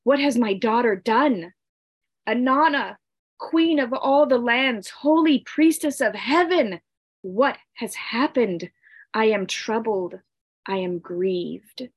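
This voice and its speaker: A woman's voice: fairly high pitch, expressive, slow pace, breathy edge, no echo, heavily acted. A woman voicing a troubled father god who grieves for his daughter and gives careful instructions. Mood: grieved. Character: troubled old father god, wise and caring.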